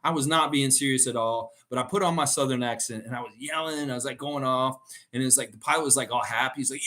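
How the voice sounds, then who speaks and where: A man's voice: mid-range voice, fast talker, hardly any pauses, bright, forceful tone. A middle-aged man hosting a casual live stream. He rambles, reads out viewer comments and tells stories with frequent laughs.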